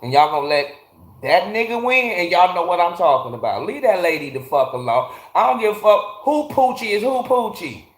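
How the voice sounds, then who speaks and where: Very animated and high-pitched, a man livestreams from a garage on his phone, speaking at normal speed as he rants bluntly, swears constantly and says hi to chat viewers by name. The garage gives the audio an echo.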